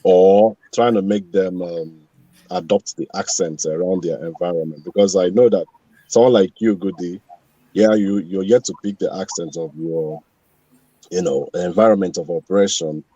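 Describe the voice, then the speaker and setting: A man asking a question on a TV talk show, halting and full of fillers. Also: sits low, warm tone, no room sound, muffled recording. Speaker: caller or panelist asking a question.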